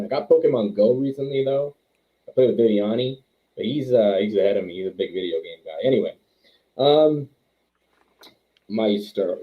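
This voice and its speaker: A man in his thirties from Quebec, telling rambling, self-deprecating stories as an interview guest. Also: on the low side. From Quebec, Canada. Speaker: wrestler and trainer, guest. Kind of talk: casual interview storytelling. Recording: tinny phone-like line.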